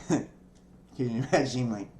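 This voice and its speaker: In an echoey room, a podcast host with a mid-range, darkish voice reads news pieces a little slowly. He keeps interrupting himself with foul-mouthed, conversational remarks and plenty of laughter.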